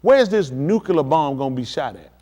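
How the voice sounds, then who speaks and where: A man preaching on a livestream, emphatic and addressing his listeners directly, building to excited peaks. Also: fairly high pitch, normal speed. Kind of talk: livestream preaching on world events.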